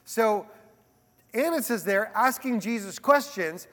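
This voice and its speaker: Male pastor, high-pitched, lively conversational sermon delivery; recorded with long hall reverb. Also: a little slow. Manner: animated, conversational preaching with asides.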